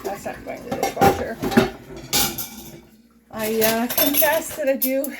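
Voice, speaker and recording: A woman's voice: mid-range voice, very noisy. A middle-aged woman vlogging while she cleans her kitchen, chatting in a rambling, giggly way. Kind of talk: casual chat while cleaning. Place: home kitchen. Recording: dish clatter in a kitchen. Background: clattering dishes and cutlery.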